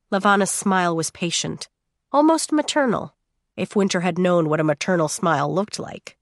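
A woman giving dramatic audiobook narration in a steady, measured way with drawn-out pauses. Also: lowish voice, no echo, studio quality.

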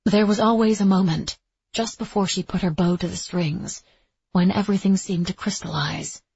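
A woman narrating a novel in a steady, even-toned storytelling manner, with a husky voice. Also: mid-range voice, moderate pace, no echo. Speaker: audiobook narrator. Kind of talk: scripted narration. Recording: dry, slightly dull lo-fi recording.

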